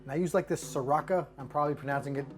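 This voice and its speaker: A man's voice: on the high side, steady tone, very fast, over music. An older man casually talking through a cooking demo, rambling and hesitant, with self-deprecating asides. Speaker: cook on a fishing show.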